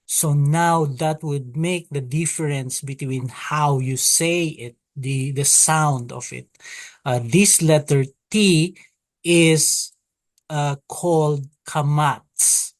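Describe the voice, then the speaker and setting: Slow, patient online Hebrew teacher. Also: medium pitch, fairly even intonation, no room sound. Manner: slow, patient, repeats sounds for the class. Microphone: video call.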